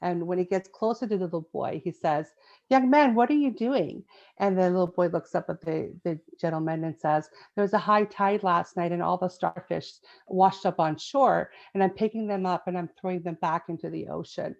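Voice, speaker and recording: A woman's voice: on the low side, fairly even intonation, brisk, gravelly, few pauses. A woman guest, a children's book author, talking casually in an interview with many fillers and frequent laughs. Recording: dull lo-fi sound.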